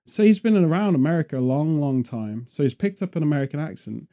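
A man's voice: on the high side, big pitch swings, fast, mellow. A man chatting casually outdoors in a field, rambling off on jokey tangents. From England. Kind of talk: casual chat.

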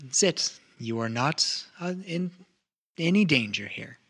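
A man voicing a composed female wood elf who speaks for her council in measured, formal sentences. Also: medium pitch, lively intonation, a bit bright, pitched above the performer's own voice, heavily acted. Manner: measured, formal diplomatic speech.

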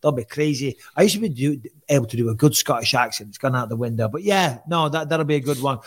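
A man's voice: medium pitch, lively intonation, fast, fairly bright tone. A man hosting a casual sports talk show, chatty and teasing, often repeating himself. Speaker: host and commentator.

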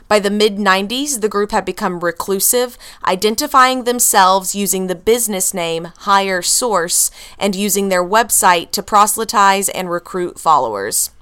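A woman with a smooth, clean voice at an everyday middle pitch hosts a casual podcast. She reads through researched notes on a strange piece of history, now and then breaking into a laugh. She is recorded on a home computer mic. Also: moderate pace, few pauses, fairly bright tone. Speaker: podcast host telling a true story.

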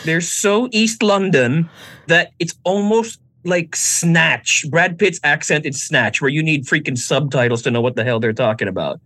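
A man co-hosting a casual movie review chat, animated and laughing often, restarting his sentences as he builds to a point. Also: on the high side, unhurried, no room sound. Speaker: podcast co-host.

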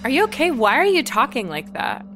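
Woman, comedy podcast co-host; flustered animated improv, fairly high, bright voice. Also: fairly quick, soft background music. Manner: flustered, animated, laughing through scenes.

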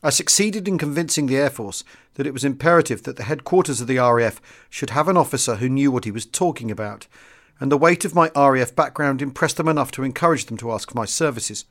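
Man reading a memoir, measured and formal. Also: mid-range voice, a bit bright. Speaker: audiobook reader. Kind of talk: scripted memoir narration.

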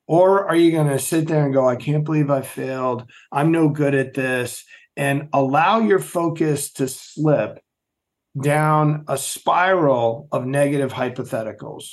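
A middle-aged man with a somewhat high-pitched voice tells a story in an interview. He is emphatic and animated and keeps asking his listener rhetorical questions. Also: measured pace. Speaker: podcast guest, former Navy SEAL.

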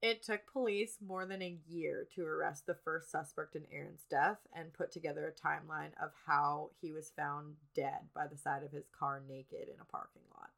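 A stuffy-nosed woman co-hosts a true-crime podcast and works through the case from her notes in a relaxed, chatty way. Her voice is bright and forceful and sits a little low for a woman. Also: moderate pace, creaky, few pauses. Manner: narrating case details from notes. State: congested. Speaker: podcast co-host. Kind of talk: casual true-crime chat.

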